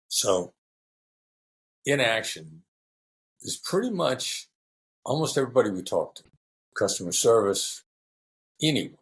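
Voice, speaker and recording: A middle-aged man, a former hostage negotiator, answering interview questions in a relaxed storytelling way and acting out quoted voices. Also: lowish voice, a little slow, long pauses, husky.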